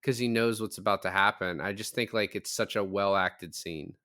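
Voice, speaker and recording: Guy hosting a movie podcast, lowish smooth voice, dry mic, loose and chatty. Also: moderate pace, no echo. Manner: relaxed, lots of "like" fillers. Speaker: podcast host. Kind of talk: casual film discussion.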